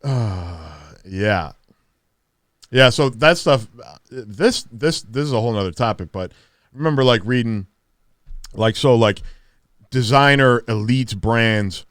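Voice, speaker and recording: A man hosts a casual podcast, his pitch leaping up and down as he talks. He stumbles and repeats words, and the sound is dry and close. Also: expressive, a bit bright, dry recording. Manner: halting, repeats words, laughs often. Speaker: podcast host.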